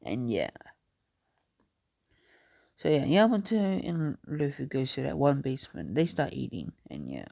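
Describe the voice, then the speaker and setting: A man casually making up and telling a fan story, halting and rambling with many restarts. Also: mid-range voice, big pitch swings, creaky, darkish tone, no echo, studio quality.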